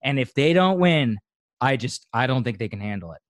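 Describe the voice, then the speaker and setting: A man guest on a podcast, talking politics bluntly and emphatically, getting animated as he makes his points. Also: mid-range voice, brisk, dry recording. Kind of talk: casual political discussion.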